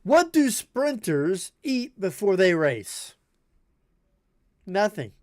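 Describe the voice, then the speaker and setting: A man on a live stream reading out groan-worthy jokes, unhurried and drawn out between punchlines. His voice swoops up and down a lot, and he keeps collapsing into high, teary giggles at his own material. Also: very animated. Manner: reads corny jokes aloud and laughs hard at them; giggly, breaks into high tearful laughter. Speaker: game streamer. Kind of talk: casual live-stream chat.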